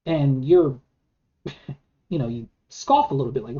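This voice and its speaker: Woman, low dark voice, earnest argumentative monologue, rhetorical questions, dull lo-fi sound. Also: animated, slow pace, long pauses. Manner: earnest, emphatic, rhetorical questions, frequent restarts. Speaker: vlogger.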